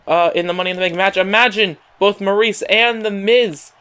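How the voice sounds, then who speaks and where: Brief: male gaming host, excitable announcer-style wrestling play-by-play, high clear voice. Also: brisk. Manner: excitable announcer patter, repeating "however" and filler words. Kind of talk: play-by-play wrestling commentary over a video game.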